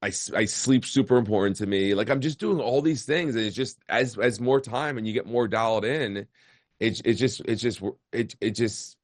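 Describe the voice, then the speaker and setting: A man's voice: mid-range voice, normal speed, dry recording, studio quality. A man in his forties, a podcast guest, telling his life story in a casual, candid way and often repeating words. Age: 40s. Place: remote call.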